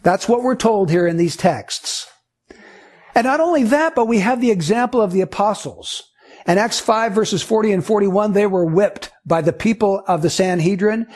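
A man's voice: high-pitched, darkish tone. A man preaching a sermon, reading scripture aloud and teaching earnestly through rhetorical questions.

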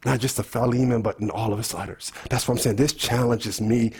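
Husky-voiced man preaching with emphatic repetition. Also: medium pitch, brisk, hardly any pauses, darkish tone. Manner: emphatic, repeats words, mixes scripture with casual talk. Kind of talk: sermon teaching on a letter.

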